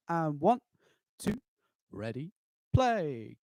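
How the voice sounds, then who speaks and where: A man's voice: high-pitched, animated, moderate pace, creaky, a little mellow, no echo. A man teaching a live online guitar lesson, patiently walking students through chords and cheering them on. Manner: encouraging, patient, counts students in; chants rhythm syllables in time. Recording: guitar playing behind voice. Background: acoustic guitar.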